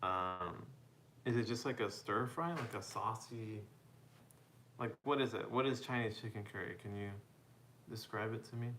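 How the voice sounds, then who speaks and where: Chill streamer dude reading chat at home, says bro a lot, laughs easy, faint low rumble in the background. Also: male voice, moderate pace, a bit bright. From United States. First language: bilingual with Spanish, parents from Mexico. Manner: laid-back, laughs often, says "bro" and "man". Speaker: live streamer. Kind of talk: casual chat reading viewer comments. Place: home room.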